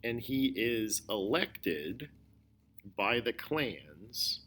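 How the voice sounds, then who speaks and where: A male history teacher giving a recorded lecture, explaining slowly and deliberately, often repeating his key points. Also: fairly low pitch, big pitch swings, a bit bright, a little hiss or hum. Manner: slow, deliberate explaining with repetition.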